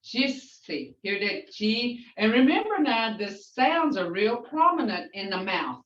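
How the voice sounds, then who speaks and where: A woman's voice: medium pitch, big pitch swings, a bit bright. Older woman teaching from across a room. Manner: patient, repeats and sounds out syllables slowly. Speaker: language teacher. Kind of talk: teaching a language class. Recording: roomy, distant, dull lo-fi.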